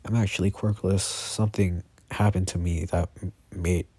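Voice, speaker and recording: Deku, a man reading a quiet young hero. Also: low-pitched, steady tone, moderate pace, breathy edge, dry recording.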